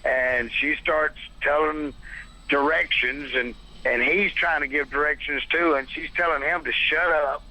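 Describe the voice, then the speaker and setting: A man's voice: fairly high pitch, steady tone, measured pace, pushed and bright, poor audio. A man who drives a cab, plainly recounting a ride in an interview. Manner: plain-spoken, protective. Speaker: taxi driver.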